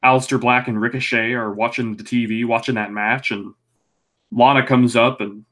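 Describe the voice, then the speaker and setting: A man's voice: mid-range voice, steady tone, moderate pace, fairly bright tone. Rambling man reviewing wrestling casually. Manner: rambling, frequent ums and restarts, swearing. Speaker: podcast co-host.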